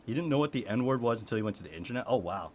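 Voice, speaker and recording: Laughing, animated young male streamer. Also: medium pitch, racing, a little hiss or hum. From United States. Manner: laughs often, swears, animated. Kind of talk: casual chat with chat.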